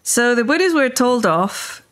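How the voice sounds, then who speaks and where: A woman's voice: a little high, unhurried. A woman guest telling a story in conversation, acting out the dialogue and often checking in with "right?". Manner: animated, acts out quoted dialogue, keeps asking "right?". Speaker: spiritual teacher and guest.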